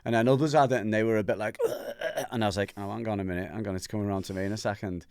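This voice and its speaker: A man is hosting a podcast and tells a candid personal story. He talks in a lowish voice that jumps up when he acts out the other people in it. The sound is close and dry. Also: very fast, clean tone, no echo. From Merseyside, England. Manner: animated, acts out voices in his anecdotes. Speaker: podcast host.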